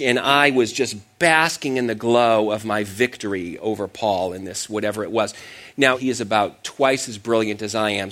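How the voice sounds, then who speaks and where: A man's voice: lowish voice, fairly bright tone. A middle-aged man preaching a sermon, telling a personal story in a self-deprecating way with frequent restarts. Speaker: pastor.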